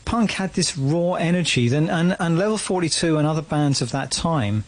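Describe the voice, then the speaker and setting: A man's voice: a little high, animated, moderate pace. A man, a musician guest reflecting on his career in a casual radio interview. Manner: reflective, storytelling.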